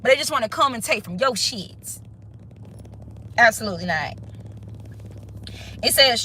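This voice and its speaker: A woman gives a casual spiritual reading with a bright, sharp-edged voice that sits a little high. She is blunt and emphatic, and cusses freely. She keeps checking in with the listener as she goes. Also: animated, a little slow, long pauses, slight background noise, rough recording. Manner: blunt, profane, emphatic, repeats "okay?". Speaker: tarot reader.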